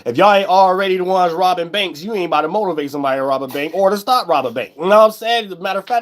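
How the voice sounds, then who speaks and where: Ranting vlogger, fairly high-pitched man. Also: fast talker, hardly any pauses. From Ohio, USA. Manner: animated and repetitive, often asks "you know what I'm saying?". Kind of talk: casual ranting commentary.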